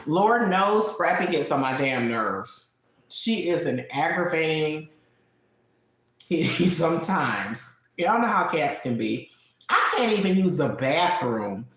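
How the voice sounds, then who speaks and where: A woman in her late thirties hosting a live stream, chatting candidly with viewers at home, laughing often and snacking as she talks. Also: deep voice. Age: 30s. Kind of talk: casual live-stream chat. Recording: very echoey room.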